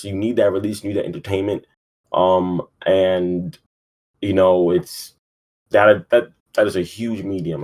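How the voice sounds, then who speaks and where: Man, low voice, rambling profane podcast chatter, sleepy, many ums. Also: darkish tone. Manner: rambling, profane, lots of fillers. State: yawning, sleepy. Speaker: podcast host. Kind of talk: casual sports talk.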